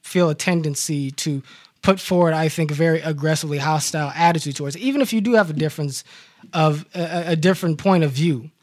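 A man telling a story on a panel, halting and repeating his words. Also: fairly high pitch, darkish tone, no echo. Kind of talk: casual panel talk with storytelling.

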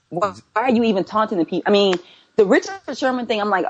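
A woman's voice: medium pitch, very animated, brisk, highs cut off, a little hiss or hum. A woman co-hosting a casual sports chat, opinionated and emphatic, firing off rhetorical questions. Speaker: podcast co-host.

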